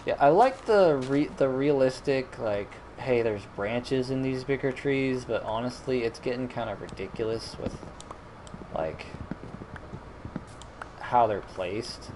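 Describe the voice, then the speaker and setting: A man's voice: mid-range voice, expressive, a little slow, a little mellow, a little hiss or hum, rough recording. A man streaming a video game, rambling in casual commentary with frequent self-corrections and mild exasperation. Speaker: gaming streamer.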